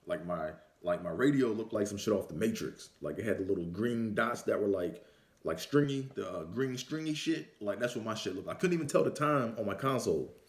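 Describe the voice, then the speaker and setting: A man with a low, relaxed voice tells a story straight to the camera in loose, slangy talk, with the odd curse word. His voice carries a noticeable room echo. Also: brisk. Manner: laid-back, slangy, swears freely. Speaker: vlogger. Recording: roomy echo.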